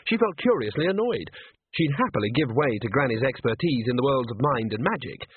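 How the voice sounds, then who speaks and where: A man narrating an audiobook in a wry, measured way. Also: medium pitch, animated, a little hiss or hum. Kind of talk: scripted narration. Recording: tinny phone-like, dry.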